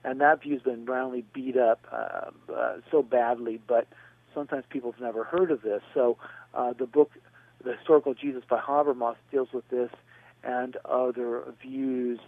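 A man answering a radio caller in a rambling, discursive way, pausing on fillers and spelling out names, heard over a phone line. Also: medium pitch, no echo. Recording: tinny phone line, dry.

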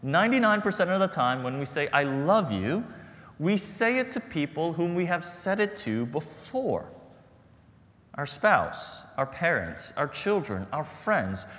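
A man's voice: on the high side, very animated, measured pace, a bit bright, big-room sound. A man preaching a sermon as pastor, earnest and storytelling, repeating phrases for emphasis.

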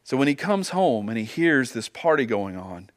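A man's voice: mid-range voice, very animated, normal speed. A man preaching a sermon as pastor, earnest, asking his listeners rhetorical questions and often repeating words as he goes.

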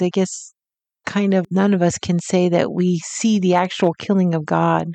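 A woman's voice: on the low side, level tone, moderate pace, creaky, mellow, no room sound. Woman reading aloud and reflecting. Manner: reads passages aloud, then reflects. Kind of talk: casual discussion and book reading.

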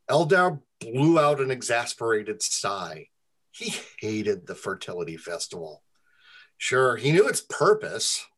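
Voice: mid-range voice, big pitch swings, measured pace, fairly bright tone, husky. A storyteller reading their own comic fantasy story aloud to friends, with a wry, self-deprecating delivery.

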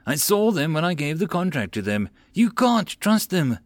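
A man's voice: on the high side, very animated, normal speed, dry recording, pitched above the performer's own voice. A man voicing a grieving young woman who speaks tearfully and urgently in an audiobook.

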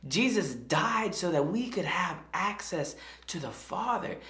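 An impassioned male pastor delivers a sermon, his voice swinging widely in pitch as he hammers home repeated phrases. The sound carries the echo of a large church sanctuary, with the reverb hanging on every line. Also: a bit bright. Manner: impassioned, emphatic and repetitive.

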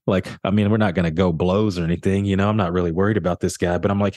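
A young adult man co-hosting a casual podcast, telling work stories with lively mimicry of the people involved. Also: deep voice, racing, dry recording. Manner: animated storyteller, often mimics others with a raised voice. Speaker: podcast co-host, real estate agent.

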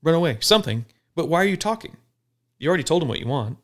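A police officer talking bluntly and profanely in a casual podcast chat, telling animated stories. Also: male voice, fairly high pitch, fast. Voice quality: gravelly.

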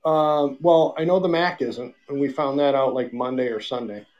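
A man's voice: medium pitch, moderate pace, a little mellow, muffled recording. A man co-hosting a casual podcast chat, loose and rambling, swearing and joking, with the hiccups. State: has the hiccups. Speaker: podcast co-host.

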